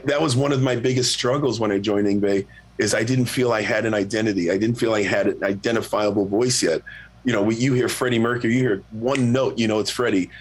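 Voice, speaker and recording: A middle-aged man, a guest singer, telling a long story in a relaxed, profane, self-mocking way. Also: fairly low pitch, fast talker, husky. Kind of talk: casual storytelling.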